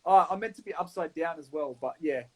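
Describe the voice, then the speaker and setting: Blunt, high-voiced Australian man. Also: a little fast, low-quality recording. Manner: blunt, swears freely, animated. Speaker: round table co-host. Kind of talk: casual chat.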